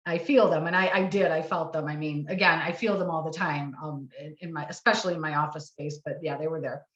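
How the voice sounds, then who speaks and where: A woman hypnosis practitioner gently and affirmingly recounting a past session. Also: sits low, fairly even intonation, quick pace. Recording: roomy, distant, dull lo-fi sound.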